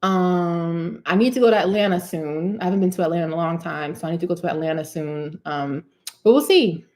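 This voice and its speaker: A woman's voice: on the low side, a little fast, darkish tone. A young woman, a cosmetic chemist, chatting casually on a livestream Q&A, reading out comments, repeating herself and laughing often. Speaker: cosmetic chemist hosting a live Q&A.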